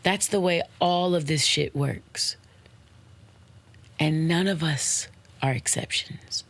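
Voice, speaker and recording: Slow-talking playful woman podcast host. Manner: playful and slangy, with swooping high exclamations; spells out web addresses letter by letter. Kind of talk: casual motivational podcast talk.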